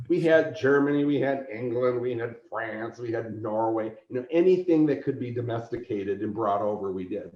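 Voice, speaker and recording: A man, a convention organizer appearing as a podcast guest, telling an animated story, laughing often and acting out quotes. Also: mid-range voice, moderate pace, hardly any pauses. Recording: roomy echo, dull lo-fi sound.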